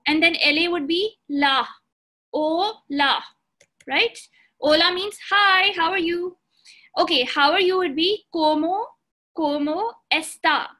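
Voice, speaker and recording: A woman's voice: high voice, pushed and bright. A woman teaching a beginner language lesson, patient, repeating points and checking that students follow. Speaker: language instructor.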